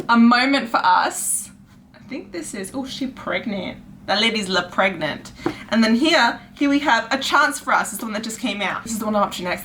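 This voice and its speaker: A woman book vlogger unboxing packages in a casual vlog, gushing and squealing with excitement. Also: fairly high pitch, slight background noise.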